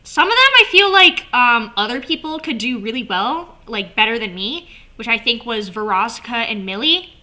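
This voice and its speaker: Woman vlogging, fairly high voice that swoops around a lot, animated casual rambling, drops a few swears. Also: moderate pace. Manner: animated, swearing, with many "like" fillers. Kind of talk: casual chat to camera.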